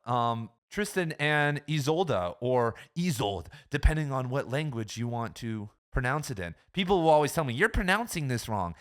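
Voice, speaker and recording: A man's voice: mid-range voice, a bit bright. A young man hosting a literature channel, rambling through casual commentary with many fillers and asides. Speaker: literature video host.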